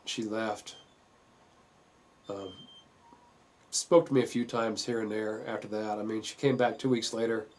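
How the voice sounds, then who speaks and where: A man earnestly telling a painful family story in a halting way, full of fillers. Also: lowish voice, fairly even intonation. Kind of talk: personal testimony.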